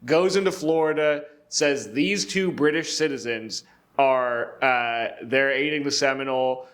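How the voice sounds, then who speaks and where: A man's voice: medium pitch, unhurried, a bit bright. A young man co-hosting a podcast, talking through history in a casual, joking way, laughing and swearing often. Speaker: podcast co-host.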